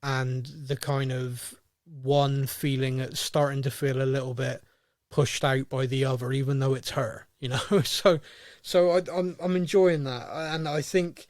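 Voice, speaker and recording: A man's voice: medium pitch, dry recording, studio quality. A man co-hosting a podcast in casual chat, often stumbling and restarting his words. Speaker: podcast co-host.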